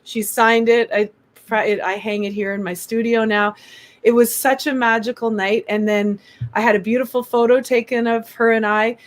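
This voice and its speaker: A woman's voice: on the high side, normal speed. A woman guest on an interview show, telling a personal story in casual chat and acting out the voices of the people in it. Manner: animated, acts out quoted voices.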